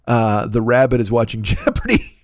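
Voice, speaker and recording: His pitch swoops wildly around a medium center as this middle-aged podcast host rants at a moderate pace. The comedic rambling is loaded with profanity and exasperated outbursts, recorded at studio quality with no room sound.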